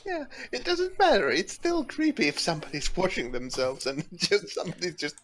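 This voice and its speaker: A man chatting casually as a player at a tabletop game, animated and quick to laugh. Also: high-pitched, crowd noise.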